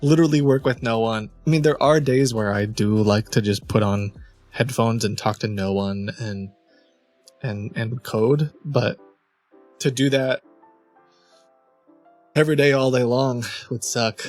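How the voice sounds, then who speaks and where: A man's voice: mid-range voice, steady tone, measured pace, pauses often, darkish tone, faint music behind. A man hosting a stream, chatting casually and telling an amused story. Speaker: streamer host.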